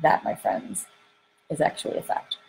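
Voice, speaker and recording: A woman coaching on dating and emotions in an animated monologue. She often acts out inner voices and uses many fillers. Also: moderate pace, a little hiss or hum, low-quality recording. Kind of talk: podcast-style teaching monologue. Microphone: close microphone she bumps while gesturing.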